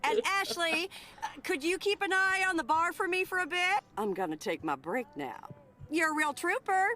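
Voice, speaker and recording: A woman's voice: very high voice, sing-song, normal speed, pushed and bright, pitched above the performer's own voice, exaggerated voice. A woman voicing a chatty, doting middle-aged woman who runs a diner, in a put-on American Southern accent, calling everyone hon. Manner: folksy, doting, calls people hon.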